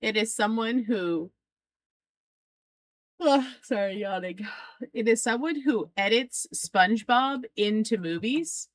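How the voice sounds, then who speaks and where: A woman's voice: on the high side, takes it slowly, long pauses, dry recording. A woman streaming a game live, chatting with her viewers in a playful, teasing way and laughing often. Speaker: streamer playing a farming game.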